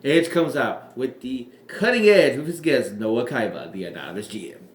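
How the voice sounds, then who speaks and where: A man's voice: medium pitch, expressive, normal speed, roomy sound. A man casually reviewing an old wrestling show, sarcastic and profane, rambling.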